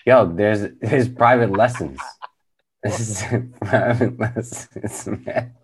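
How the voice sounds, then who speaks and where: A young man with a somewhat low voice co-hosts a podcast in casual chat. He gets excited and repeats his points for emphasis. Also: slow pace, a little hiss or hum. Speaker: podcast co-host.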